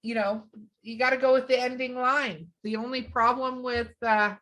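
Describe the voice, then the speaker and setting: A woman's voice: fairly high pitch, fairly even intonation, normal speed, a bit bright. A woman co-hosting a podcast in casual chat, enthusiastic and sometimes trailing off as she searches for names. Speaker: podcast co-host.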